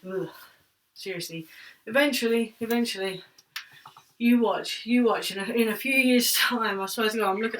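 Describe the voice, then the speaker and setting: Chatty trans man, fairly high voice. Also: fairly bright tone. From United Kingdom. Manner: rambling, chatty, with fillers and self-interruptions. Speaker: vlogger. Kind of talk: casual chat to camera. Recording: voice a bit distant from the mic.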